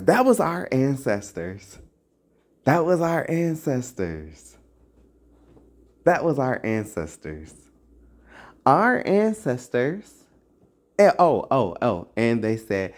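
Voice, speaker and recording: A slow, deliberate speaker preaching a scolding monologue, full of rhetorical questions and repeated lines. The voice leaps up and drops low with lively swings of pitch, mixing scripture talk with casual slang. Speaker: self-styled religious teacher. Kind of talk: impassioned religious monologue to camera.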